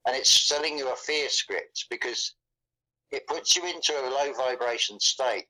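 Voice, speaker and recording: Bright-voiced man, halting talk. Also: medium pitch, rough recording. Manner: halting, repeats words while thinking. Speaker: guest. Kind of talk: casual conversation.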